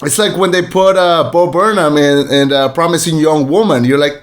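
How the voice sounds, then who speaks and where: Male podcast co-host, slightly high voice, rambling casual film chat with acted-out quotes. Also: normal speed, few pauses. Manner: rambling, many fillers and restarts, animated quoting.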